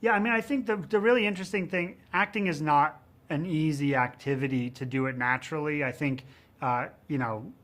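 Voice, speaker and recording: A man in his thirties, a film director giving a promotional interview, rambling with many fillers and growing animated as he tells stories from the set. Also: fairly high pitch, a little fast. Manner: rambling, frequent "you know what I mean" and "um"; gets animated and louder telling set stories.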